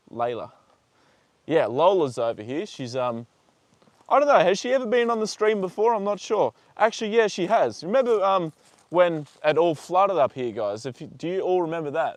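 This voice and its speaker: This livestream host is an Australian man with a voice on the high side, recorded with no room sound. He chats casually with viewers from a horse paddock, reads their comments aloud, speaks fondly to his horses, and swears casually.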